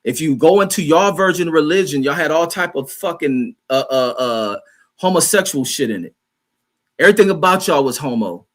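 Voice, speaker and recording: Profane, combative man ranting on a livestream. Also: medium pitch. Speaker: livestream host reading chat. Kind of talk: heated livestream rant.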